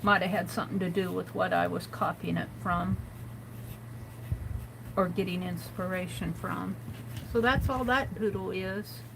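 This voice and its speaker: A woman's voice: fairly low pitch, fairly even intonation, unhurried, creaky, pauses often, background noise. A woman hosting a live drawing tutorial, chatting and thinking aloud as she narrates and counts each stroke. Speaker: art stream host.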